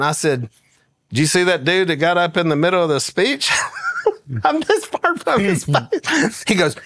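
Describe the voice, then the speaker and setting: A man's voice: high-pitched, very animated, moderate pace, long pauses, fairly bright tone, no echo. A man who is a guest on a talk show, telling a humorous story, acting out the quoted lines and laughing often. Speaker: interview guest. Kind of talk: humorous anecdote in conversation.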